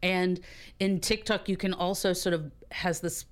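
A woman's voice: on the low side, steady tone, unhurried. A woman speaking as a music expert guest in a radio interview, chatty and enthusiastic, often laughing.

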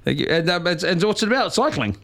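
A man's voice: high-pitched, sing-song, quick pace, creaky, fairly bright tone. A man hosting a casual radio chat, playful and rambling with many restarts. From New Zealand. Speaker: radio host.

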